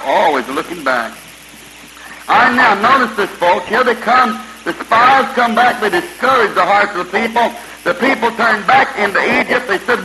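A man preaching a sermon in a folksy way, retelling scripture stories with lively quoted dialogue. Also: sits high, noisy background. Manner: folksy Southern-style preaching with vivid retold quotes.

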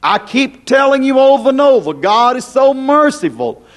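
High-voiced preacher warning his flock. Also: big pitch swings, moderate pace. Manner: warning, repetitive, rises and drops in pitch. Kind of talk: fiery revival sermon.

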